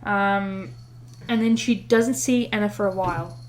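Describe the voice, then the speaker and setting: A woman of middle pitch co-hosts a podcast and recounts a story in relaxed, chatty fashion. She fills gaps with ums and corrects herself mid-sentence as she goes. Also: measured pace, slight background noise. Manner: chatty retelling with many fillers and self-corrections. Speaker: podcast co-host. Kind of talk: casual storytelling chat.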